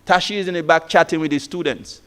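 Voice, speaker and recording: High-voiced man giving a keynote. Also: fast, a bit bright, clear, resonant tone. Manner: storytelling with rhetorical questions. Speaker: keynote speaker, former lecturer. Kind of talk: motivational conference talk.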